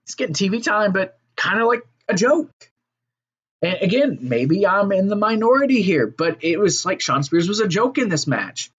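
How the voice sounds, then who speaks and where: A man's voice: sits high, big pitch swings, moderate pace, husky, lo-fi sound. A man giving a casual, rambling solo review of a wrestling show, swearing freely and trailing off into fillers. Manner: profane, rambling, fillers and restarts.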